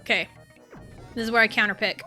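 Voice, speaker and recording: A woman's voice: on the high side, fairly even intonation, fairly quick, pushed and bright. A young woman streaming a video game, chatting casually, giggling and joking about herself. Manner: giggly, self-mocking. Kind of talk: casual gaming livestream chat. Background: faint game music.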